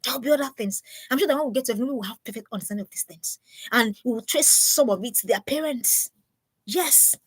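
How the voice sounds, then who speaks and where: A woman's voice: a little high, fast, breathy edge, no room sound. A woman giving an earnest, preachy live talk to parents, often repeating herself. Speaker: parenting speaker.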